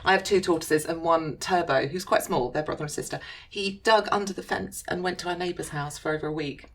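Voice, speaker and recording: A woman co-hosting a podcast, telling stories in an animated, giggly way. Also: sits low, brisk, vocal fry. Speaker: co-host. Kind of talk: casual chat.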